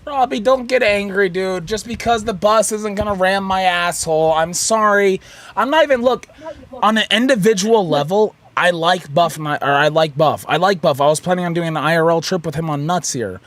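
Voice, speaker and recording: A drunk man co-hosting a livestream, ranting loudly and swearing. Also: high-pitched, moderate pace. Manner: loud, profane ranting. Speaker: co-host of a livestream show. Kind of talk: casual livestream chat.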